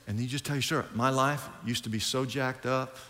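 A male pastor preaching a sermon, lively and conversational, acting out both sides of imagined conversations. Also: medium pitch, moderate pace, long reverb tail.

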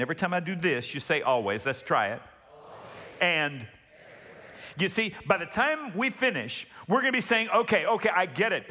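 A male pastor preaches with a high, bright voice that swings widely in pitch. He asks the congregation to repeat words back and drags out key phrases for weight. His voice rings with the long reverb of a large hall. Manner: calls for congregation responses, emphatic with slow stressed words. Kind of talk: sermon.

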